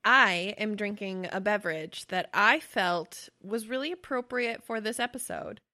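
A woman's voice: medium pitch, a little slow, pushed and bright. A young woman co-hosting a casual podcast chat, swearing freely and laughing often as she talks. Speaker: podcast co-host.

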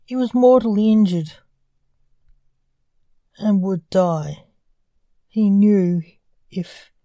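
Female storyteller, deliberate and slow, dark tone. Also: on the low side, dry recording. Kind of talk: scripted narration.

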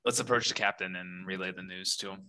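A man's voice: sits low, fairly even intonation, fast talker, noisy background. A man playing a tabletop game who speaks in a plain, matter-of-fact way. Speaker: player. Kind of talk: casual table chat.

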